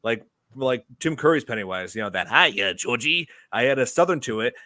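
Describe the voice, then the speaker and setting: A man's voice: medium pitch, expressive, fast talker, fairly bright tone, dry recording, studio quality. A man co-hosting a podcast, talking casually and hesitantly with many fillers. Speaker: podcast co-host.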